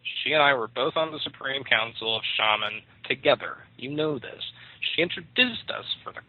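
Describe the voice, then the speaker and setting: A man's voice: medium pitch, normal speed, dry recording, voice pushed up, lightly acted. A man voicing an exasperated, scolding middle-aged mother who sits on a tribal shaman council. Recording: tinny dry phone line.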